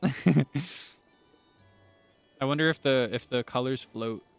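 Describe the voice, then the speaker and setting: A male streamer chatting over his game in a casual, self-deprecating way. He giggles often and rambles easily between thoughts. His voice sits at an ordinary middle pitch, with faint music underneath. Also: slow, creaky, clean tone. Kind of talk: casual gameplay commentary.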